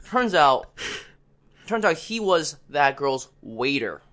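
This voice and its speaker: A man's voice: a little high, wildly swooping pitch, very slow, bright, forceful tone. A man co-hosting a podcast, telling a long anecdote in casual chat and acting out other people's lines. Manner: rambling anecdote teller, acts out others' lines. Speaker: podcast co-host.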